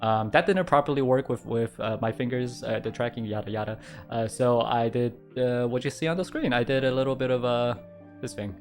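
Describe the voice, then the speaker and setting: A male streamer talks loosely and conversationally, circling back with fillers and restarts. His voice sits in a middle register, and a soft guitar plays quietly underneath. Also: medium pitch, fairly quick. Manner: rambling, many fillers and restarts. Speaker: virtual streamer. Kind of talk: casual stream chat.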